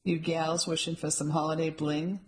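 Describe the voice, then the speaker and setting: A woman's voice: sits low, level tone, normal speed, close to an everyday voice. A woman voicing a short, tattooed male pawn shop salesman with chummy sales patter in an audiobook.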